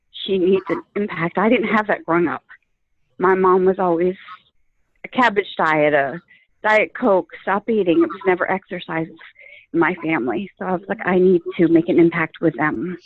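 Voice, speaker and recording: In a casual interview, a woman guest earnestly tells the story of her coaching, full of fillers. Her voice sits on the low side at a normal speed, and the line sounds tinny, phone-like and dry.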